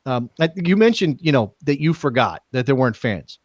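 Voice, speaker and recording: A man with an American accent co-hosting a casual soccer talk show, jokey and thinking out loud with restarts. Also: mid-range voice, very animated, moderate pace, no room sound. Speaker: co-host.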